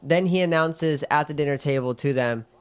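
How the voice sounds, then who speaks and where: A man co-hosting a podcast, casually recapping a film in an animated way, swearing and acting out quotes. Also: on the high side, moderate pace, clear, resonant tone. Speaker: podcast co-host.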